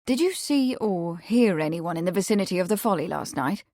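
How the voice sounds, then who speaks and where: Woman reading a kindly gentleman, measured and calm, dry close sound. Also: lowish voice, no echo. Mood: businesslike.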